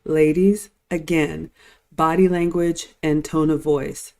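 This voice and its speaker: A woman's voice: low voice, steady tone, takes it slowly, gravelly, darkish tone. An older woman hosting a live-stream reaction, commenting and giving advice to viewers in a lecturing tone. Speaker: host.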